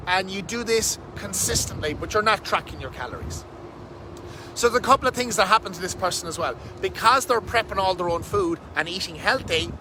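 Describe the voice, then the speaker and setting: A fitness coach talks straight to camera in a quick, punchy, casual way, dropping the odd swear word. His voice sits high for a man and sounds bright and sharp. Wind and distant traffic hiss faintly behind him, recorded outdoors. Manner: fast, energetic, swears casually. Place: outdoors under a bridge, windy.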